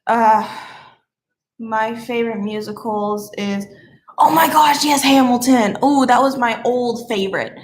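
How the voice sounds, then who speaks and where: A woman's voice: a little high, measured pace, a little hiss or hum. A young woman with a slight Southern accent, chatting casually on a live stream, rambling and easily sidetracked. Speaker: livestreamer.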